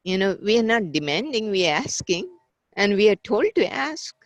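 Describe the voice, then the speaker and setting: A woman's voice: mid-range voice, very animated, normal speed, no echo. A woman in a study group sharing hesitantly, searching for her words.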